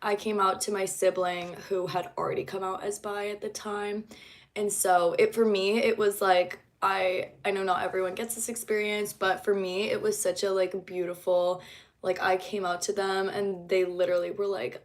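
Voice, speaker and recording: A young woman talks to her viewers on a relaxed livestream, rambling along with plenty of fillers. Her voice sits at an ordinary, middle pitch. She comes across as an easygoing singer-songwriter. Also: normal speed. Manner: chatty, rambling, many fillers. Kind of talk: casual livestream chat.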